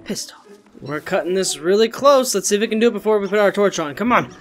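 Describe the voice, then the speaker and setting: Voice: medium pitch, animated, quick pace, faint music behind. A gaming channel host giving casual let's-play commentary, goofy and rambling, swearing often.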